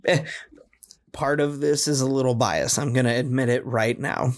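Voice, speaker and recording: A man co-hosting a podcast, giving a casual film review in a blunt, exasperated way with quick asides. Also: medium pitch, steady tone. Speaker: podcast co-host.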